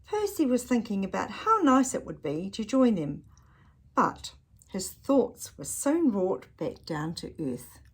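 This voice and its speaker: Brief: gentle woman storyteller for children, very lively pitch, slow pace. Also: slightly rough. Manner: gentle, asks the listener questions. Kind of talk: reading a picture book aloud to children.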